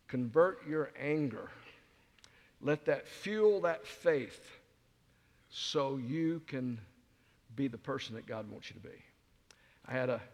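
An older man speaking as a guest preacher, telling folksy stories with self-mocking humor in a sermon. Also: medium pitch. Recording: reverberant hall.

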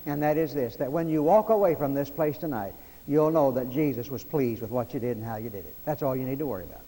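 A man's voice: medium pitch, quick pace, mellow, in a large hall, rough recording. A male preacher delivering a sermon, building emphasis through repeated phrases. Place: church sanctuary.

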